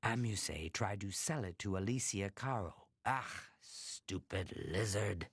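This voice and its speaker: A man's voice: lowish voice, measured pace, slightly rough. A man voicing a scheming male lizard-folk thief in a video game who calls himself "this one".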